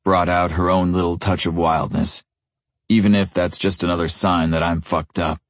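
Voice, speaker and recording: A man with a very low voice narrates a first-person audiobook with a brooding, gruff edge. The sound is dry and close, with no room around it. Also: little pitch movement, normal speed, no room sound.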